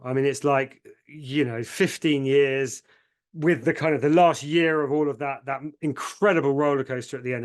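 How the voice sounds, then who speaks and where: A man, an agency founder speaking as a podcast guest, telling his story candidly and with feeling, repeating words when moved and acting out what others said. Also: medium pitch.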